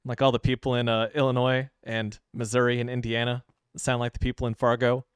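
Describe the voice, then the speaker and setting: A man's voice: medium pitch, completely flat delivery, fairly quick, clear, resonant tone, dry recording. A man from the Midwest chats over his gameplay into a streaming mic, amused by his own jokes. His voice sits in an ordinary middle register, recorded close and dry with no room sound around it. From Midwestern United States. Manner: chatty and self-amused, joking to himself. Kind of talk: casual gameplay commentary. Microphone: streaming microphone.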